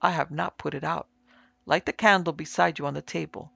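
A man voicing a calm male ghost investigator in a measured, precise way in an audiobook reading. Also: fairly high pitch, gravelly, breathy edge, no echo, lo-fi sound, full character voice.

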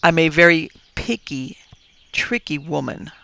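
A man voicing a brisk, tricky young woman who talks in an impatient, airy way. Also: fairly high pitch, steady tone, gravelly, bright, forceful tone, clean tone, highs cut off, heavily acted.

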